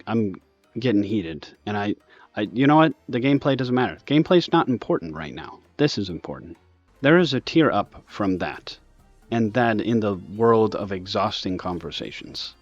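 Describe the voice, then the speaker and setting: A man ranting in an exasperated, animated way over gameplay, with sudden loud bursts. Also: on the low side, no room sound, highs cut off. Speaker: gaming video host.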